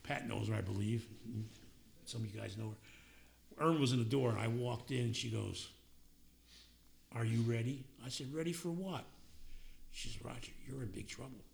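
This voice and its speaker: A man's voice: mid-range voice, steady tone, moderate pace, vocal fry, pauses often, darkish tone, slight background noise. An older man telling his own recovery story in plain, casual words, acting out the voices of the people in it. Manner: plainspoken, acts out quoted voices. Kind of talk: personal storytelling at a meeting.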